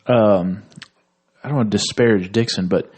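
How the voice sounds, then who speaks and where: Rambling, profane young podcast co-host. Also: male voice, lowish voice, normal speed, a little mellow, breathy edge. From Tennessee. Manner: rambling, profane, laughs through his stories. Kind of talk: casual comedic chat.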